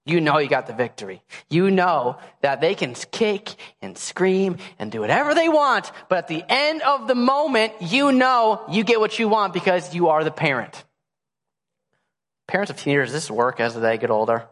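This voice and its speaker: With a high-pitched, sing-song male voice at a moderate pace and a fairly bright tone, a pastor in his thirties preaches to his congregation. He recounts family tales in a playful, self-deprecating way, acting out his baby's and toddler's demands, and the church hall gives a long reverb.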